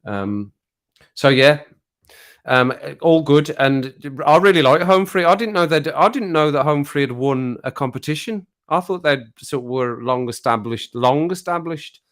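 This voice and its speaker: A man's voice: on the high side, animated, measured pace, fairly bright tone. A man with a Black Country accent hosting a casual livestream chat, rambling and chatty and laughing often. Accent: Black Country English. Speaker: livestream host.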